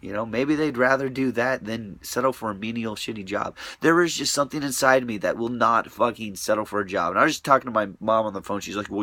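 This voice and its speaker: Rambling, profane man with a bright voice. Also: mid-range voice, dry recording. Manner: rambling, profane, restless, trailing off softly. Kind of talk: rambling confessional monologue.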